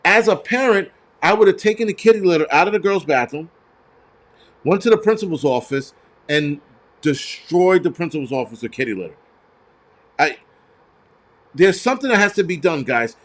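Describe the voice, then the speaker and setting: A man's voice: sits high, animated, normal speed, long pauses. A man hosting a show, ranting heatedly with lots of swearing and stumbling restarts. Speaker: host. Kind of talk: profane ranting commentary.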